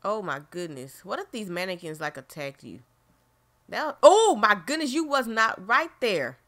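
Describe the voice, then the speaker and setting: Jumpy woman gamer with a bright voice. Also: medium pitch, animated, moderate pace. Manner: jumpy, exclaiming, talks straight to viewers. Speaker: gaming channel host. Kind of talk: horror game let's play commentary. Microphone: desk microphone.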